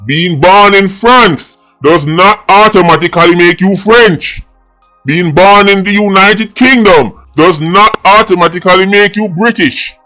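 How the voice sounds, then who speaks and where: A man's voice: high-pitched, a little slow, sharp tone, soft background music. Blunt Jamaican man ranting. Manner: blunt, mocking and combative, switching between patois and English. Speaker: political vlogger. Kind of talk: opinionated monologue.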